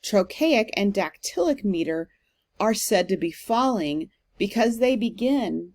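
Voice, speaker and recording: A woman, a literature instructor, giving a recorded online lecture in an explanatory, steady way with frequent ums. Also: fairly low pitch, a little slow.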